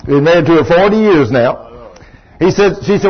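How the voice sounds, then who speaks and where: A man preaching a sermon, telling a story in an animated way and acting out the quotes, with a husky voice. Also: high voice, moderate pace, highs cut off.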